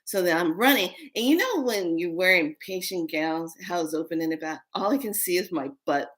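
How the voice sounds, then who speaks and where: A woman's voice: on the low side, a little fast, a bit bright. A middle-aged woman casually telling a story to her viewers, acting out the dialogue with big jumps in her voice. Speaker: spiritual channel host.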